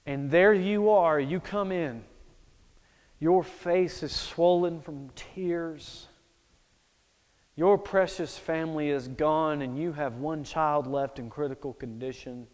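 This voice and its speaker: High-voiced preacher telling a dramatic story. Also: male voice, slow. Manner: dramatic storytelling, swings from hushed to loud. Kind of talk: sermon. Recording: echoey hall.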